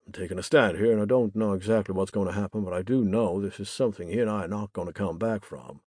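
A man's voice: on the low side, fast talker, darkish tone, slightly rough, no echo, studio quality. A young man narrating a first-person novel in a wry, bitter way. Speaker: audiobook narrator.

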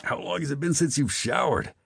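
Cast: a man playing a blunt, gruff young soldier, deep and dry, a protective big brother. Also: sing-song, normal speed, dry recording, exaggerated voice.

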